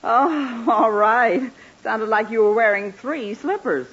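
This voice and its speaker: An actress playing a calm, gently teasing mother in a 1940s radio comedy, speaking mildly and softly. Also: a little high, slow, breathy edge, lo-fi sound. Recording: hissy old radio recording.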